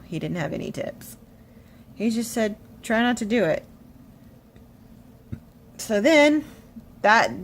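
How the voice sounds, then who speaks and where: Woman vlogger, chatty and animated, slightly shaky, mid pitch, faint hiss behind. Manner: animated storytelling, acts out quotes. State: shaky, emotional. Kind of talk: casual chatty vlog update.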